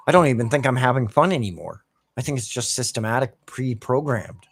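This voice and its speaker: A man's voice: mid-range voice, animated, a little fast, dry recording. A young man ranting casually and profanely while playing a game, talking to his chat. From Canada. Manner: profane, frustrated ranting, swears constantly. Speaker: gaming streamer.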